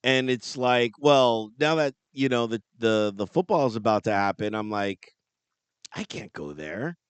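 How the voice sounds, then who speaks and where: A man co-hosting a podcast in casual chat, often laughing and acting out lively quotes as he tells stories. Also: medium pitch, normal speed, clean tone, no room sound. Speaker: podcast co-host.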